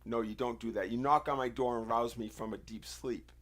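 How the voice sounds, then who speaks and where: A man from the United States hosting a livestream, giving an insistent, confrontational monologue with deliberate, emphatic phrasing. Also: mid-range voice, fairly even intonation, a bit bright. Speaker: livestream host.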